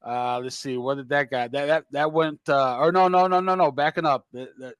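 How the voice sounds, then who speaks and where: A man's voice: on the high side, a little fast, clean tone, dry recording. An older man co-hosting a casual podcast, easygoing and agreeable as he shares facts and details. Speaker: podcast co-host. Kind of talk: casual chat.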